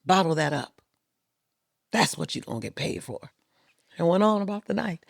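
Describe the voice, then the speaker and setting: A middle-aged woman with a gravelly edge to her voice tells a story as a podcast guest. She is animated and acts out the people she quotes, with a dry, close sound. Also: on the low side, normal speed, no echo. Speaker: guest speaker.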